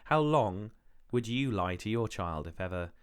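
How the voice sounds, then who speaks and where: A man's voice: on the low side, expressive, moderate pace, clear, resonant tone. A man co-hosting a casual podcast, needling his friend with dry teasing and pointed questions. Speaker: podcast co-host. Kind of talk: casual chat.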